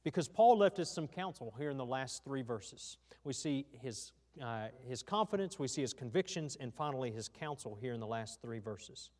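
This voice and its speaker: A man's voice: mid-range voice, lively intonation, normal speed, hardly any pauses, a little mellow, in a large hall. A male pastor, preaching a sermon in a folksy way, often restarting his phrases. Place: church sanctuary.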